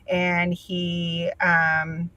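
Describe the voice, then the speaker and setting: A woman's voice: on the low side, monotone, very slow, sharp tone, no echo, dull audio. A woman hosting an interview, talking casually and chattily with lots of fillers. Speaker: podcast host.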